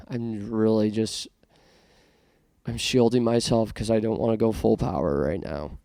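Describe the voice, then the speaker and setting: A man's voice: on the low side, fairly even intonation, a little slow, gravelly, dark tone, no echo, studio quality. A man from Canada hosting a casual podcast monologue, self-conscious and rambling with many restarts. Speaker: podcast host.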